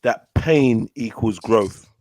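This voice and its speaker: A man's voice: mid-range voice, slow, a little mellow, no echo, poor audio. Pushy man arguing on a panel. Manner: pushy, argumentative, blunt. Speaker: panel host. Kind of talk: live online panel discussion.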